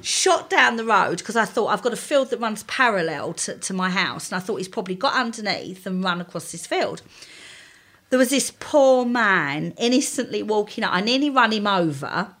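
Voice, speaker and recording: A middle-aged woman, a co-host in casual chat, telling a lively story and acting out the voices in it. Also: medium pitch, normal speed. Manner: animated storyteller, acts out quoted voices.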